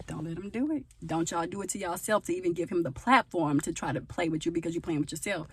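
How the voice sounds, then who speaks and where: Outside at her parents' place, a woman chats to y'all on her phone camera in a faith-sharing vlog full of rambling asides. Her lowish, slightly rough voice moves fairly quickly with hardly any pauses.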